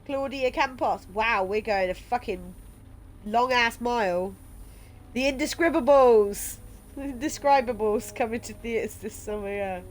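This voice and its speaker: Slow-talking woman streaming a game. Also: fairly high pitch, a little hiss or hum. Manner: chatty, swears casually. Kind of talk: live-streamed game playthrough, reading text aloud.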